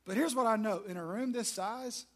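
High-voiced preacher telling a story. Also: male voice, moderate pace, fairly bright tone. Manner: storytelling, self-mocking, conversational. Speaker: pastor. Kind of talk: sermon. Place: large room with audience.

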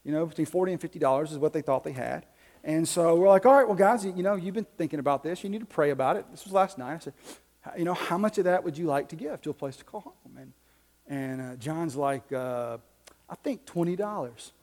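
A high-pitched man preaches a sermon, moving from easy storytelling to fervent, rising appeals. His voice rings with the long reverb of a church hall. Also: brisk, a little mellow. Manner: storytelling, building to impassioned preaching. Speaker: pastor.

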